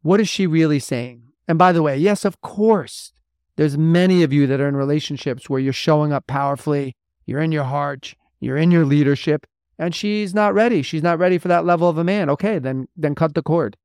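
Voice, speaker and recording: A man's voice: fairly high pitch, a little fast, a little mellow, smooth, no room sound, studio quality. A man hosting a motivational podcast as a mentor to men, talking bluntly and emphatically with lots of repetition. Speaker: podcast host and men's mentor.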